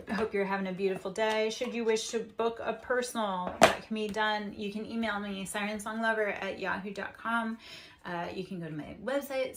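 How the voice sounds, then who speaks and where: A woman's voice: medium pitch, fairly bright tone, slight background noise. A woman giving a casual spiritual tarot reading, earnestly encouraging and talking straight to the viewer. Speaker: tarot reader and spiritual channel host.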